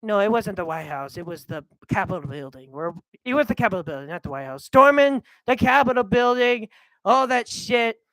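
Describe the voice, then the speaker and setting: Brief: young adult woman vlogger, heated rant, lively swooping pitch, dry close sound. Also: brisk, no echo, rough recording. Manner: heated, animated ranting. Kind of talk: ranting monologue.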